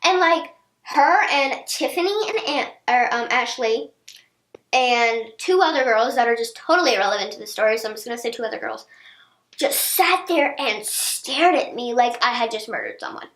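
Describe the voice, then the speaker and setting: A teenage girl telling a storytime vlog in casual chat, animated, acting out what others said. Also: a little high, normal speed. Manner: chatty, animated, acts out quotes of others. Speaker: vlogger. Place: indoor room, seated on a chair. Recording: echoey room.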